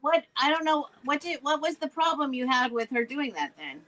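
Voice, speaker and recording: A woman's voice: high voice, very animated, normal speed, very noisy. An older woman hosting a live stream, chatting casually and thinking aloud. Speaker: host.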